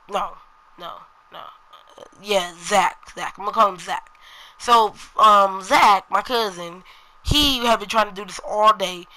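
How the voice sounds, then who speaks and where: Bright-voiced woman telling a rambling story. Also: medium pitch, dry recording, poor audio. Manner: rambling, slangy, many fillers like "you know" and "bro". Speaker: vlogger. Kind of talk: casual storytelling to camera.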